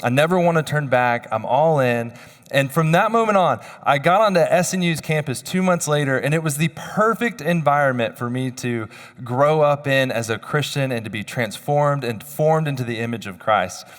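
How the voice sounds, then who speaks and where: A man's voice: mid-range voice, expressive, moderate pace. A man in his thirties giving a chapel sermon, telling personal stories in a conversational, self-deprecating way. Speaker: chapel speaker. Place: university chapel hall. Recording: long hall reverb.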